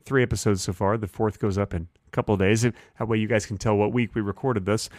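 A man co-hosting a casual comedic podcast chat, joking in a playful, deadpan way. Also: fairly low pitch, fast, no echo. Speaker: podcast co-host.

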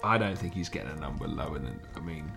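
A man's voice: very deep voice, animated, fast talker, vocal fry, over music. A man competing on a quiz show, talking through tactics decisively with his partner. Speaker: quiz contestant. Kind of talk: casual banter.

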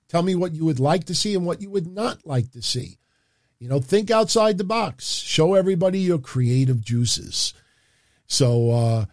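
Chatty man with a higher, dry voice. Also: a little mellow, no room sound. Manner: chatty, upbeat, addressing listeners directly. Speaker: podcast host. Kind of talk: casual show sign-off.

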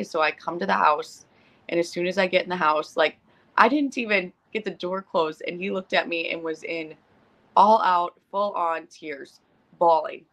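A middle-aged woman co-hosting a podcast, telling a story in casual chat, animated, swearing freely and acting out the lines she quotes. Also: on the low side, normal speed. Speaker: podcast co-host.

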